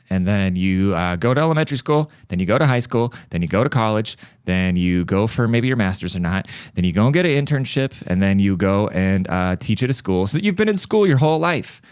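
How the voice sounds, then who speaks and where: Ranting sarcastically and profanely, this thirty-something native German speaker from Germany hosts a comedy podcast monologue, mocking people with put-on voices. His lowish voice sounds smooth, in a clean studio recording with no room sound.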